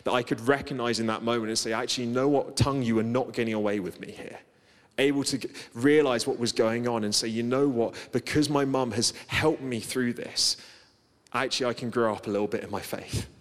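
A man's voice: mid-range voice, brisk. A man preaching a sermon, telling personal stories in a conversational, self-deprecating way. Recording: long reverb of a large hall.

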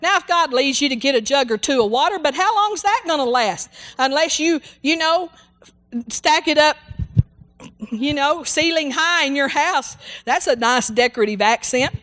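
A woman's voice: sits high, expressive, moderate pace, fairly bright tone. A woman preaching a sermon in a fervent, rambling way, full of hallelujahs and amens. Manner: rambling, with restarts and asides.

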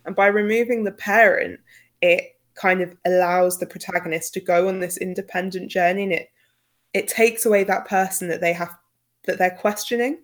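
A British woman with a slightly low voice chats about books with a co-host. She talks in a relaxed, thoughtful way, sprinkling in casual "like"s as she works through her ideas. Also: moderate pace. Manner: relaxed, thoughtful, frequent "like" fillers. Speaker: book podcast co-host. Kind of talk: casual book discussion.

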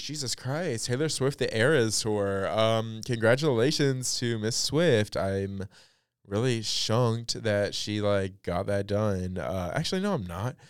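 A man's voice: on the low side, smooth, dry recording, studio quality. A young man hosting a casual pop culture podcast alone, chatty and blunt, with lots of fillers and some swearing. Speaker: podcast and radio host.

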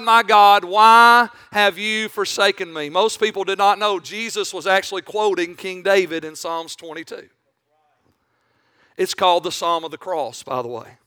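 A man preaches to his congregation in a high, bright and crisp voice. He stretches key words slowly, then surges into loud, emphatic lines. The sound is dry and close. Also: dry recording. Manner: preaching with rising emphatic bursts and slow drawn-out phrases. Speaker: pastor. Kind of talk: sermon.

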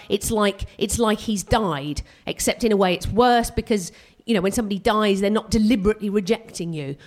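A British woman performing live stand-up comedy at a venue, animated and self-mocking, jumping her voice up for punchlines. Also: mid-range voice. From Britain. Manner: animated and self-mocking, with quick vocal jumps.

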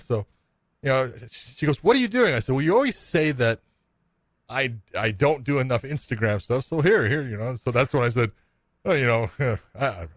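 A man's voice: mid-range voice, no room sound. A middle-aged man telling a long story in a casual, rambling, self-mocking way, swearing freely.

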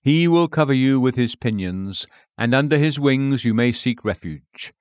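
A man's voice: medium pitch, lively intonation, normal speed, darkish tone, dry recording. Solemn man reading a sermon, dry. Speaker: preacher.

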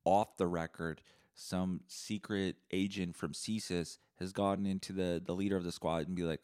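Deep-voiced man rambling crudely. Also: moderate pace, clean tone. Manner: rambling, crude deadpan humor. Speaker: podcast host. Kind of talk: solo podcast monologue.

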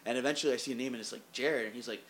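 A man in casual chat, telling animated stories, laughing often and swearing as he acts out quoted lines. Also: medium pitch, racing.

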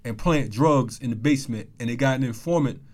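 A man's voice: mid-range voice, brisk. A man hosting a casual talk show, talking loose street slang and telling a story with heat. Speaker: podcast host. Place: Atlanta.

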